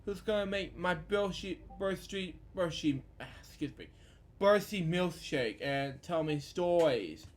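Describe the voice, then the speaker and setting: A man reading the lines of a big childlike yellow bird from a book, in a halting way with stumbles and restarts. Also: a little high, animated. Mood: plaintive.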